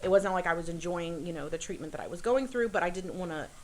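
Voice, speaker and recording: A woman telling a personal story as a podcast guest, earnest and halting, with many fillers and restarts. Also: on the low side, slight background noise, rough recording. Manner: earnest, confessional.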